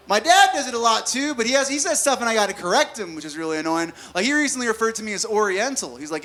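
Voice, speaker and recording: High, bright-voiced man doing stand-up. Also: animated. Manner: conversational, quick jokes told to a live crowd. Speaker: stand-up comedian. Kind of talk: stand-up comedy set. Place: comedy venue stage with a live audience.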